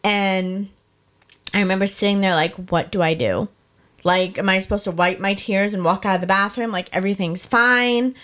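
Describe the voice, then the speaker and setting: A young adult woman candidly telling a personal story, talking fast and emotionally with many "like" fillers. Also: mid-range voice, steady tone, fairly bright tone, clear, resonant tone. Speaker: podcast guest sharing her story.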